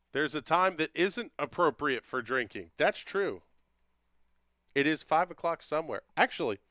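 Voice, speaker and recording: Male stream host, casual and jokey, smooth voice, dry close mic. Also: on the high side, a bit bright, dry recording. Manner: joking, drawling, talks to viewers by name. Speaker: livestream host. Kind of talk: casual livestream chat reading comments.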